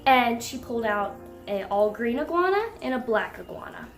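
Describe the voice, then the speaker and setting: Animated young woman, echoey room. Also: fairly high pitch, normal speed. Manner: animated, rising to indignant outbursts. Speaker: pet vlogger. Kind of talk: casual storytelling to camera. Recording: echoey room with faint music.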